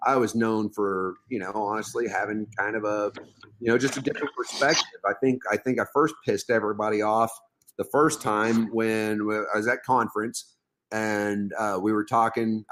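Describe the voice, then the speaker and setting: A man's voice: fairly low pitch, fairly bright tone, slight background noise. A man guesting on a casual podcast interview as a piercing artist, talking bluntly and combatively with plenty of swearing. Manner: blunt, combative and heavily profane.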